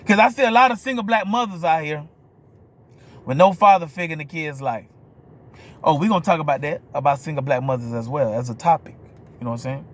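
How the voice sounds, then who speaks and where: A man's voice: on the high side, fairly quick. A man from New Orleans with a New Orleans accent, ranting to camera in a blunt, profane monologue and asking "you hear me?" over and over. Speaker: vlogger.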